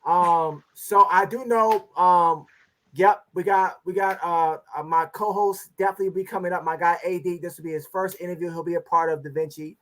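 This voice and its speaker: A man's voice: sits high, steady tone, normal speed, a bit bright. A man hosting a casual interview, playful and joking, laughing often. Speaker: host.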